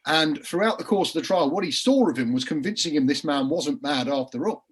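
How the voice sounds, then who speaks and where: A man on a panel telling lively courtroom anecdotes over a video call, with frequent restarts and laughing mid-story. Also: on the high side, fairly quick, husky. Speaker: crime writer and former barrister on a panel. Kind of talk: casual panel chat, anecdotes.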